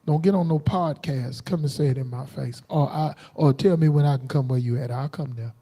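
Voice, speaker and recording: A man preaching a combative, defiant sermon on a livestream, jumping into sudden high outbursts. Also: a little fast, mellow. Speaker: preacher streaming live.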